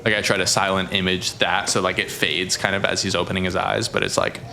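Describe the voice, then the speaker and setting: A man with a low voice plays a tabletop game and describes his character's actions. His talk is casual and chatty, full of fillers. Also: little pitch movement, quick pace, vocal fry, pushed and bright, slight background noise. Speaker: player.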